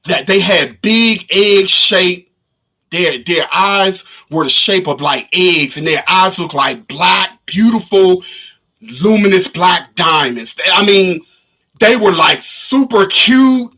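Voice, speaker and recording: A man's voice: high-pitched, lively intonation, takes it slowly, sharp tone. A man vlogger telling a story casually to his livestream viewers, rambling and restarting often. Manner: rambling, with many restarts and repetitions. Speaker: spiritual vlogger. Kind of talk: casual storytelling to a live stream audience. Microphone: camera of a livestream setup.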